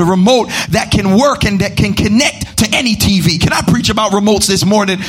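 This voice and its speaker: A man preaching in a very high, husky voice, swinging between speech and a half-sung, shouted cadence. He keeps calling out to the congregation in call-and-response style. Faint music sits behind him in the church. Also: a little fast. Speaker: pastor. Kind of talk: sermon. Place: church service.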